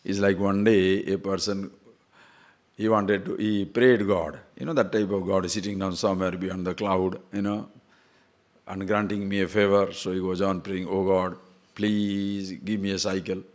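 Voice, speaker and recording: A spiritual teacher gives a discourse in a low-pitched, level voice at normal speed. He tells stories, chuckling along the way, and poses rhetorical questions to his listeners.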